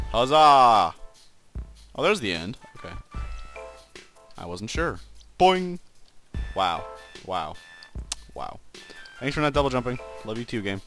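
Low-voiced, excitable gaming guy. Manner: excitable, swears a lot, yelps at failures. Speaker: let's play host. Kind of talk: gaming commentary.

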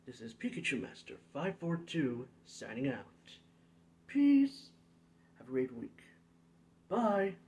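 Playful young gaming host. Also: male voice, medium pitch, normal speed, hardly any pauses. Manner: playful, laughs at his own flubbed intro takes. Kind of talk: casual let's-play outro and blooper takes.

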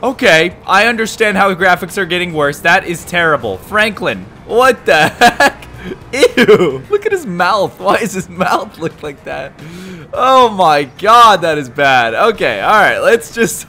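A young man giving excitable gameplay commentary, swinging from low muttering to sudden yelps and shouts, laughing often. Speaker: gaming YouTuber.

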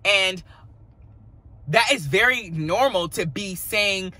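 A man giving a casual music review, excitable and dramatic, gushing with slang as a devoted fan. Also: sits high, slow. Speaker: music reaction vlogger.

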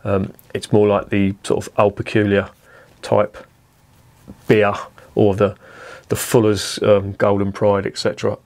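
A man's voice: fairly low pitch, completely flat delivery, a little slow, a little mellow. A man rambling chattily through a casual beer review vlog, with plenty of fillers and the odd swear word.

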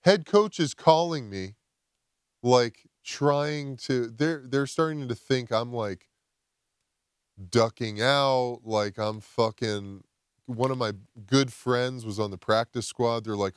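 A man, a podcast guest, telling a personal story outdoors in casual chat, animated and swearing freely. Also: medium pitch, takes it slowly, clear, resonant tone, no echo. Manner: animated, swears a lot, acts out quotes. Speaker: podcast guest, former football player.

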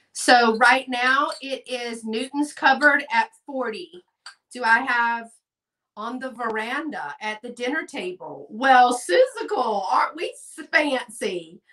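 Slow-talking bright-voiced woman selling live. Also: fairly high pitch, recorded from a distance. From Texas. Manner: chatty, says y'all, reads bids aloud. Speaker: live sale host. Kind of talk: live selling stream, casual chat.

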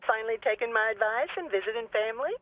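An actress playing a friendly, nosy rural neighbor who chatters in a folksy way over the phone. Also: female voice, a little high, fast, no room sound, lightly acted. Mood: chatty. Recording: tinny phone line.

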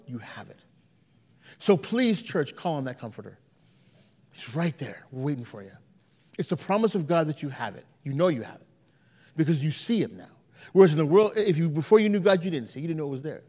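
Lively, high-pitched preacher man. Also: husky, big-room sound. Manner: animated storytelling with repeated restarts. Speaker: pastor. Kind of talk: sermon. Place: church sanctuary.

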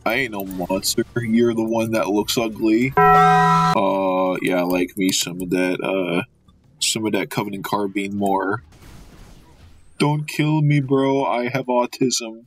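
A young man giving goofy, excitable commentary while playing a video game, joking and trash-talking the enemies. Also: on the low side, measured pace, faint music behind. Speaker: gamer. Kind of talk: let's play commentary.

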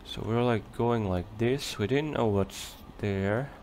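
A man giving relaxed, chatty commentary while playing a game, talking to the creatures on screen. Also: lowish voice, takes it slowly, a little hiss or hum. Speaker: let's play gamer. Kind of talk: casual gameplay commentary. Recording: faint game music behind.

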